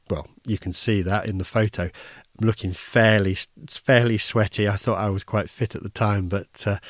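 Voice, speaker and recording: In a low voice recorded with studio quality and no room sound, a man hosts a podcast. He tells a casual first-person story in an easygoing, wry manner, frequently restarting his sentences.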